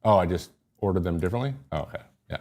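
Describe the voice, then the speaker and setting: Rapid-fire and excitable, a male podcast host analyzes pitchers on a casual livestream, getting sidetracked easily and repeatedly interrupting his own points.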